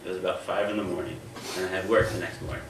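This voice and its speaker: A man's voice: sits low, steady tone, rapid-fire. A young American man performing stand-up comedy, self-deprecating and often restarting his sentences. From United States. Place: stage in a room. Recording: echoey room, distant mic, faint noise.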